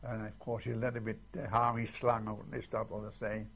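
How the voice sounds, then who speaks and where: An older man rambles through his memories of the war, often tagging his lines with "see". His voice is gravelly and husky. The old archival tape sounds dull and lo-fi. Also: fairly low pitch, flat delivery, fairly quick, a bit bright. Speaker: war veteran interviewee. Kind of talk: oral history recollection.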